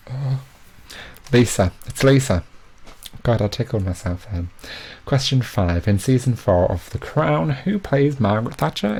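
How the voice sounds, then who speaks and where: Gravelly-voiced young man hosting a quiz. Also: medium pitch, darkish tone. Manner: chatty, joking, self-mocking asides. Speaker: quiz host. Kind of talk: live online quiz hosting.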